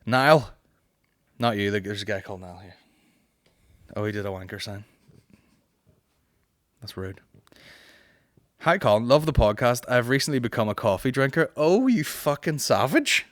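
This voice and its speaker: A man's voice: lowish voice, no room sound. Northern irish guy rambling on his podcast, swears a lot, dry close sound. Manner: rambling, profane, with quick mocking impressions. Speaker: podcast host answering listener questions. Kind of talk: casual chat.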